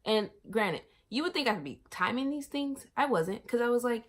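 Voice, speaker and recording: A young woman from Miami, a vlogger sitting on her bed and telling a story in casual chat. She acts out quoted lines with big jumps in pitch and volume. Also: lively intonation, normal speed. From Miami, USA.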